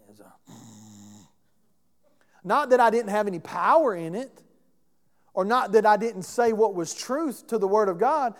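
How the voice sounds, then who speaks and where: A man preaching as pastor, telling a story in a conversational way and putting questions to the congregation. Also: high voice. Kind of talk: sermon. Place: church sanctuary. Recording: long church hall reverb.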